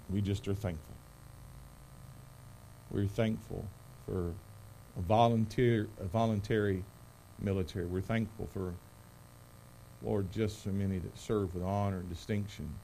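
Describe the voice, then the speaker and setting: A man's voice: on the low side, vocal fry, slight background noise. Emphatic man preaching a sermon. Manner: emphatic preaching, rising loud on key words; soft, hushed prayer. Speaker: pastor. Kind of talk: sermon with scripture reading and prayer.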